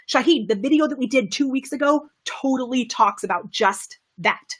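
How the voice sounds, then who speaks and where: A woman coaching viewers on a live video stream, high-energy and excitable, laughing often, with her microphone set well away from her. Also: normal speed, few pauses, husky. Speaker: camera confidence coach. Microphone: microphone kept far from her.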